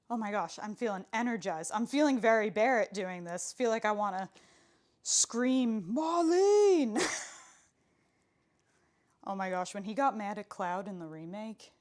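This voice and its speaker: A young woman teaching a live pilates class, chatty and playful, counting reps aloud with frequent laughs and a slight breathlessness as she holds planks. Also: a little high. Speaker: pilates instructor. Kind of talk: live workout instruction.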